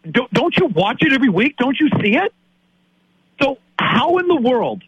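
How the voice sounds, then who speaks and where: Husky fifty-something man ranting. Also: very high voice, fairly bright tone, no echo, low-quality recording. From Wisconsin. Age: 50s. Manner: exasperated ranting, lots of repeated words. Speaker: sports talk host. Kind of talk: heated sports talk.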